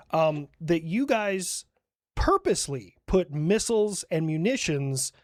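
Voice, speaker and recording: A man's voice: on the high side, no echo, clean studio sound. A man voicing a smug, self-justifying nation character in a comedy war skit.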